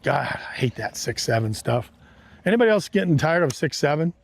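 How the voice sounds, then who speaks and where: A man hosting a live fishing stream from a boat on a lake, talking excitedly to his viewers. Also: on the high side, a little fast, vocal fry. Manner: excited, exclamatory, talks straight to viewers. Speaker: fishing livestream host.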